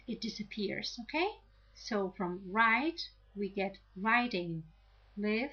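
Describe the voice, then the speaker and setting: A woman teaching an English grammar lesson, explaining patiently and checking in with "okay?" after each point. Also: fairly high pitch. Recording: slightly dull lo-fi audio.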